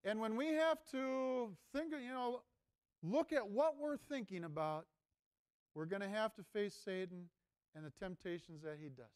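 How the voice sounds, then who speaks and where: A man's voice: high-pitched, unhurried, a little mellow, clear, resonant tone. A man who is a priest, preaching a conversational homily with rhetorical questions, speaking. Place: seminary chapel.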